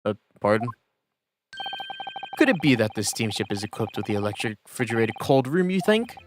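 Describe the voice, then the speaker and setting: A man's voice: medium pitch, big pitch swings, brisk, music in the background, natural voice. A man voicing an earnest, polite young male lawyer who hesitates and stumbles over his words. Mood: puzzled. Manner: hesitant, polite, lots of uh and pardon.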